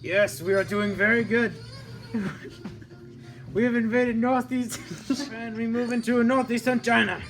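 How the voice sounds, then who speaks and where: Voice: mid-range voice, fairly even intonation, unhurried, pauses often, a bit bright, soft background music, voice pushed up, rough recording. A player voicing a formal, proud comic commander, giving a stiff report.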